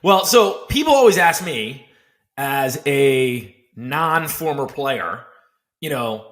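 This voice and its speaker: A man hosting a podcast, asking questions in a casual, halting way and often repeating his words. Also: medium pitch, lively intonation, fairly bright tone. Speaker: podcast host. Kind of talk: casual interview.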